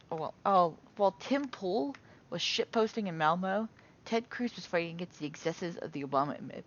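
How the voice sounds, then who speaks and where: A woman's voice: low-pitched, lo-fi sound. Agitated swearing woman ranting. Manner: agitated, swearing constantly, frequent restarts and sighs. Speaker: political commentary vlogger. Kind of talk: heated unscripted rant.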